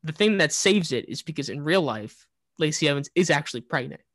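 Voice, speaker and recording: A man co-hosting a casual wrestling podcast, telling what happened with rising excitement and short laughs, then asking his co-host for his opinion. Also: a little high, fairly quick, dry recording. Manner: excited, breaks into laughs, asks co-host's opinion.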